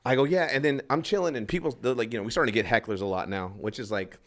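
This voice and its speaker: A man's voice: mid-range voice, very fast. A man, a stand-up comedian, telling a rambling story in casual podcast talk, acting out other people's lines and swearing freely.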